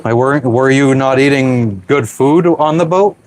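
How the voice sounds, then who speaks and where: A man from Pennsylvania chats loosely with live viewers, reading their messages and answering questions while he cooks on a small sailboat, swearing freely. He talks at a measured pace in a medium, slightly mellow voice.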